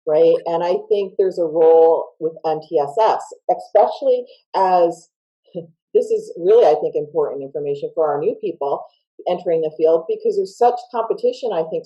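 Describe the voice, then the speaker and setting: A woman with a Southern drawl talks as an interview guest over a video call. Her voice sits low and mellow, and she speaks emphatically and upbeat, often breaking into laughter. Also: lo-fi sound. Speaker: interview guest, school counselor. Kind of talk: casual interview chat.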